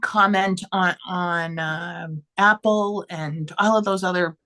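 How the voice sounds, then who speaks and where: A woman co-hosting a podcast in casual chat, animated, often exclaiming and trailing off mid-thought. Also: fairly low pitch, slow. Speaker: podcast co-host.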